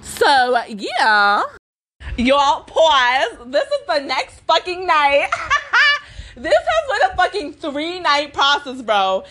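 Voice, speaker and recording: A young woman podcast host delivers a profane storytime rant, laughing as she goes. Her voice sits high and swoops wildly in pitch, with a fairly bright tone and a slow pace.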